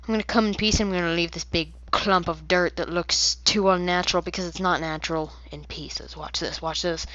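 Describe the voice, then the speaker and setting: A woman's voice: lowish voice, steady tone, a little fast, hardly any pauses, fairly bright tone, dry recording, muffled recording. A woman giving casual, playful commentary over her own gameplay, rambling into silly asides. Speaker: gaming video creator.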